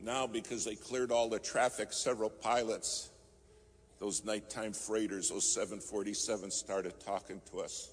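A man's voice: lowish voice, level tone, normal speed. A man preaching a sermon, telling a story and rising to fervent emphasis. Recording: music playing behind.

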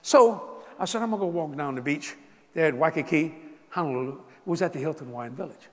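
Animated preacher man in a reverberant hall. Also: a little high, fairly quick. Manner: animated, shifts from soft asides to loud bursts. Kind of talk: sermon storytelling.

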